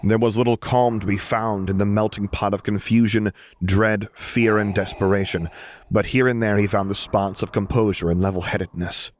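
Low-voiced male story reader. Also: steady tone, normal speed, a little hiss or hum. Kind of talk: audiobook fan-fiction reading.

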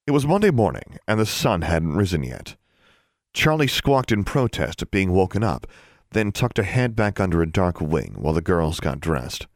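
Man, audiobook narrator, deep voice, expressive, lively intonation, dry close sound. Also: normal speed, no room sound. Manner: expressive storytelling.

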